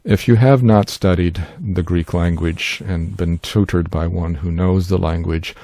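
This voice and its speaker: A likely older man teaches Bible languages through a screen-share tutorial, his delivery slow and explanatory with many fillers. Captured close to a desk mic without room sound, his low, warm voice keeps a fairly even intonation.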